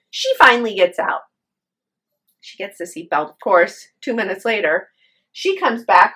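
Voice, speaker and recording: A woman's voice: a little high, animated, a little slow, a bit bright. A woman telling a spoken ghost story with drama, acting out the voices of her characters.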